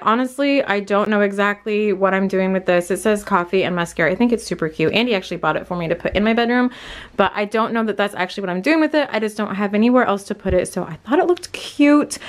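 A young woman vlogging a casual tour of her small bedroom, candid and rambling, a bit out of breath, filmed on a handheld phone. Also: mid-range voice. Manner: chatty and candid, rambling with fillers. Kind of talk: casual vlog room tour.

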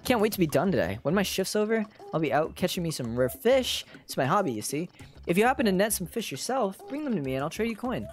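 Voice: mid-range voice, big pitch swings, fast talker, faint music behind, natural voice. A streamer reading an easygoing sailor. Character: laid-back animal sailor on break. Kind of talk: reading game dialogue aloud.

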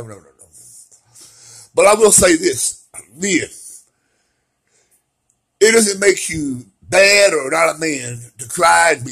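Brief: man, late forties, husky and bright, rambling home vlog, loud bursts then hushed talk. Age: 40s. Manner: animated, swinging from loud laughing outbursts to soft low talk. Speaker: vlogger. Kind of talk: casual rambling monologue. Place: at home lying in bed by an open window.

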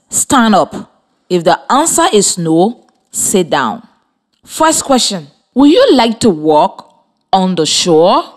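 A woman from Liberia teaching a primary lesson over the radio, with slow, clearly articulated, encouraging instruction to children. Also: mid-range voice. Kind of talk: slow scripted classroom instruction. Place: radio studio with students present.

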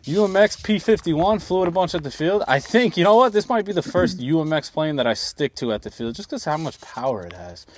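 A man's voice: a little high, expressive, a little fast, hardly any pauses. A man vlogging outdoors as he flies a small RC plane, chatty and self-deprecating. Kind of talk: casual outdoor vlog while flying. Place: outdoors at a flying field and backyard.

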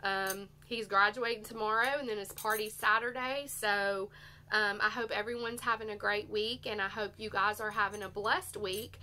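A woman's voice: medium pitch, steady tone, normal speed, sharp tone. A middle-aged woman, chatting casually to her viewers in a teary, emotional, heartfelt way. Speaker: vlogger. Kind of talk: casual haul chat to viewers.

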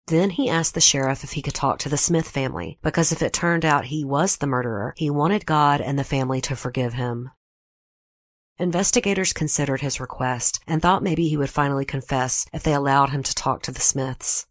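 A woman hosting a true crime podcast, giving a measured scripted narration and reading quotes in her own voice. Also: very deep voice, dry recording, studio quality.

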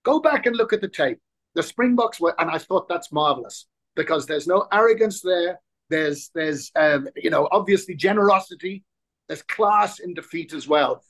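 A man in his sixties chatting as an interview guest. He tells stories in an animated way, often restarting his sentences as he goes. His voice sits a little higher than most men's. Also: normal speed. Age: 60s. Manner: animated storyteller, frequent restarts. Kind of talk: casual interview chat.

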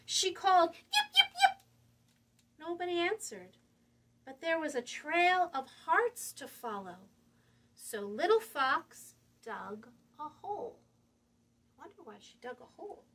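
A woman librarian reading a picture book aloud to young children, animated and sing-song, asking them questions along the way. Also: very high-pitched.

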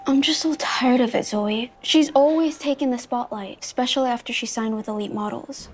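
A woman's voice: on the high side, normal speed, a little hiss or hum, close to an everyday voice. A woman playing a sulky, insecure younger sister. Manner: sulky, self-doubting. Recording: music playing underneath.

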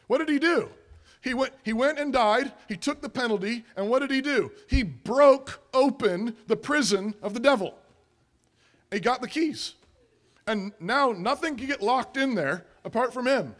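A man's voice: very high-pitched, fairly bright tone. A man preaching a sermon as pastor, emphatic and repetitive, asking rhetorical questions and answering them.

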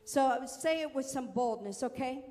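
A woman pastor delivers a sermon in a high, unhurried voice. She leans into each phrase and keeps calling on the congregation to answer back. The sound carries a long reverb from a church hall. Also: dark tone. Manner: slow, emphatic preaching with call-and-response to the congregation. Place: church sanctuary.

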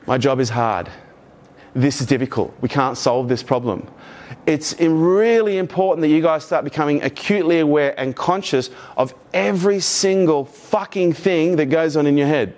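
A middle-aged keynote speaker with a voice pitched slightly above the typical male range gives a motivational talk to a live audience at a moderate pace. Full of energy, he curses liberally, cracks jokes, and keeps asking the room questions.

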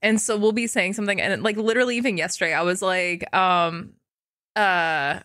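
A woman's voice: medium pitch, normal speed, no room sound, studio quality. A young woman hosting a casual podcast, telling rambling stories with lots of laughter and voiced quotes. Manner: rambling, animated storytelling with laughs. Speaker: podcast host.

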